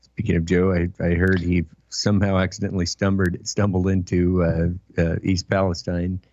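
A male co-host on a casual talk show, chuckling often and chiming in with quick remarks. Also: low-pitched, level tone, darkish tone, slight background noise. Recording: dry, muffled lo-fi sound.

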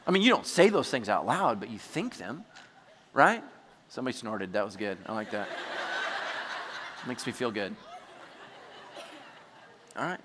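Pastor preaching in a reverberant hall. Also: male voice, sits high, expressive, sharp tone. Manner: conversational, joking, acts out quick asides. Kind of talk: sermon. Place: church hall before a congregation. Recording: large hall with long reverb.

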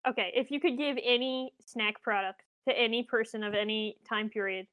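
A woman chatting on a casual podcast, slangy and excitable. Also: on the high side, fairly quick, clear, resonant tone, poor audio. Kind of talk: casual chat.

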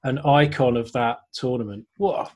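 A man's voice: medium pitch, moderate pace, a little mellow. Chatty man co-hosting a drinks show. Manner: chatty, jokey, explains drink history. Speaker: podcast co-host. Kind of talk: casual chat about cocktails.

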